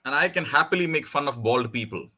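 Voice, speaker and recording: A man's voice: medium pitch, expressive, fast talker, pushed and bright. A man hosting a live online interview, reading out audience questions. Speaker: host. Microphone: video call.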